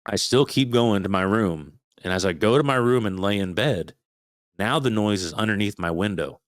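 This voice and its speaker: A man's voice: lowish voice, moderate pace, dry recording, clean studio sound. A man in his thirties, a podcast guest, tells a story casually, swears freely, acts out his own past thoughts and imitates the noises he heard. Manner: imitates sounds while telling a story.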